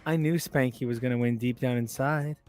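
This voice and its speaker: A man's voice: mid-range voice, a little fast, soft background music. Rambling chatty male podcast host. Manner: rambling, animated storyteller. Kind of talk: casual chat.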